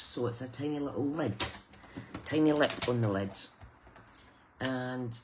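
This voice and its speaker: A woman's voice: low-pitched, darkish tone. Middle-aged British woman, craft demonstrator, friendly story-time teaching voice, light background hiss. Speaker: papercraft demonstrator. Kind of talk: live crafting tutorial.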